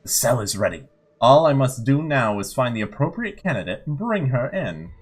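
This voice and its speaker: A man reading aloud the diary of an obsessive vampire, in a low, deliberate voice. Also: sing-song, slightly rough.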